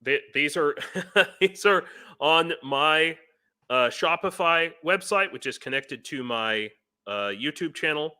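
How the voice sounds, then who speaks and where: American volunteer guest, bright tense tone, loose chatty delivery with chuckles. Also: male voice, fairly high pitch, animated, takes it slowly, smooth. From United States. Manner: rambling, chuckling between points. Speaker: guest, foreign volunteer in Ukraine. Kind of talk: casual live-stream conversation.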